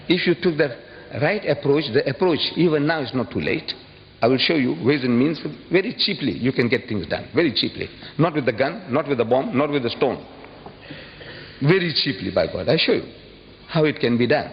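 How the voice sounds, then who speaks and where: A man giving an impassioned public lecture, emphatic and full of rhetorical questions, his voice leaping into sudden high bursts. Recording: dull old recording, long hall reverb, faint hiss.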